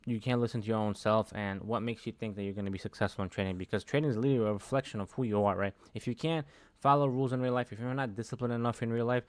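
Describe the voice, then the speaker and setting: A man's voice: on the low side, fairly even intonation, racing, no echo. A man giving a casual talking-head lesson on trading, speaking conversationally and tagging his sentences with "right?". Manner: conversational, keeps adding "right?" tags. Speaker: trading educator.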